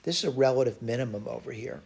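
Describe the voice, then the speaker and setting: A man teaching a recorded math lecture, working through a problem out loud and correcting his own slips as he goes. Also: medium pitch, fast talker, vocal fry, slightly rough. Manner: talks to himself while working problems, frequent self-corrections.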